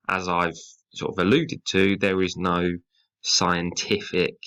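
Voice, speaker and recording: Low-voiced guy going through a poem line by line, bright forceful tone. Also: poor audio. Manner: explanatory, measured, occasionally slips into dialect when quoting. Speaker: English teacher. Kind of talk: recorded poetry lesson.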